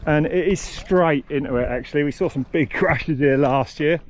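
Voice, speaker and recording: A man hosting a casual walkthrough of a race course, excitable and blunt, swearing and exclaiming as he goes. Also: on the high side, moderate pace, a little hiss or hum. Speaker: host walking a race course. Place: outdoors on a mountain bike course.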